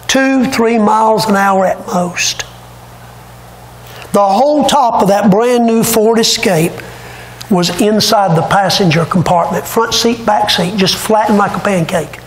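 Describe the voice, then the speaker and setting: Male pastor, high voice, dramatic sermon storyteller; roomy church sound with faint background noise. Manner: emotional, dramatic retelling. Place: church sanctuary.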